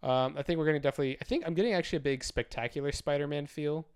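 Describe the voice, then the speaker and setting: A man's voice: a little high, rapid-fire, smooth. A man co-hosting a casual movie chat, rambling with lots of fillers and restarts. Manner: rambling, filler-heavy, self-correcting. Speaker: co-host.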